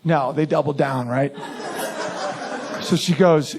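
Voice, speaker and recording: A man's voice: a little high, steady tone, takes it slowly. A man doing a crude, brash stand-up routine who often laughs at his own lines. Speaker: stand-up comedian.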